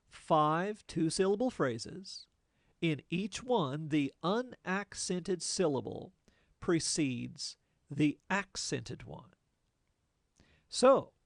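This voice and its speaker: A man lecturing like a teacher, slow and measured, his voice carrying a gravelly, creaky edge. He explains things step by step in a plain-spoken way and drops in the odd folksy aside. The sound is close and dry, with no room around it. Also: on the high side, no echo. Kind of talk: lecture explaining poetic form.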